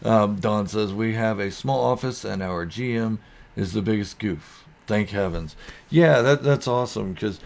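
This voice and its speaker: A man's voice: on the low side, unhurried, vocal fry. A man hosting a live stream, chatting casually and reading out viewer comments in a goofy, easygoing, rambling way.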